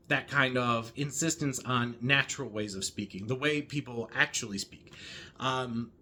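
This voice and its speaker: A man casually discussing a novel, thinking aloud with many pauses and restarts. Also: mid-range voice, pushed and bright. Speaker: book reviewer.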